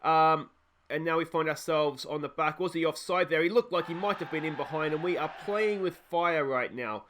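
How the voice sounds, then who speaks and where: A young Australian man narrates his football management game live, chatty and quick to get excited. His voice sits a little high, and he breaks off to talk to his players. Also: slight background noise. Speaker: let's play host.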